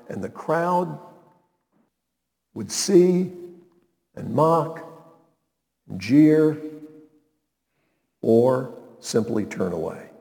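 A man's voice: on the high side, dark tone, in a large hall. A male pastor preaching a sermon in an emphatic way, repeating his key phrases.

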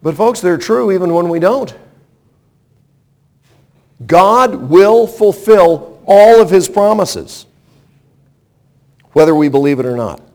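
A male pastor delivers a sermon with a high-pitched voice. He is emphatic and talks straight to his listeners, leaning on rhetorical questions. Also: lively intonation, slow, pauses often, dark tone.

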